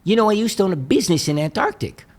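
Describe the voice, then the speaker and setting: A man's voice: sits high, sing-song, fast talker, breathy edge, pitched above the performer's own voice, exaggerated voice. A man voicing an elderly Hungarian businessman with a heavy Hungarian accent, blunt and matter-of-fact. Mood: raised.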